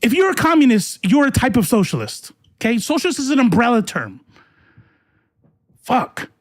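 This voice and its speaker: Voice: medium pitch, big pitch swings, normal speed, dry recording. A political commentary host ranting to a live chat in a profane, combative way.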